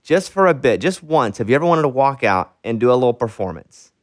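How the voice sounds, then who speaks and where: A man's voice: medium pitch, very animated, brisk, no room sound, clean studio sound. A man hosting a podcast interview in a joking, teasing way. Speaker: podcast host. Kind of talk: casual interview chat.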